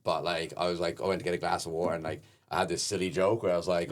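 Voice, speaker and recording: Fast-talking deep-voiced comic. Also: male voice. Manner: animated storyteller who acts out the people in his stories. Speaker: podcast host and stand-up comedian. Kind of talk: casual chat.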